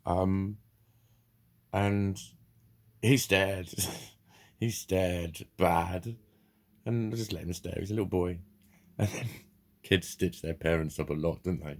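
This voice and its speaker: A man with a notably deep, low voice, speaking in a casual vlog monologue. He rambles and restarts his sentences, swears constantly and speaks with blunt, unfiltered candour. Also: slow pace, long pauses. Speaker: vlogger.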